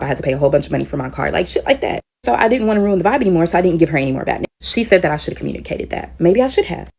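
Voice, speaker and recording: A woman's voice: low-pitched, vocal fry. A woman, a teacher, telling a story in a casual, candid way with frank profanity. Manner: grows louder and more heated as she tells it.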